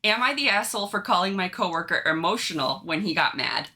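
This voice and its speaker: A woman co-hosting a casual podcast, reading online posts aloud and chatting with an animated, giggly manner. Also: on the low side, a little fast. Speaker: podcast co-host reading stories.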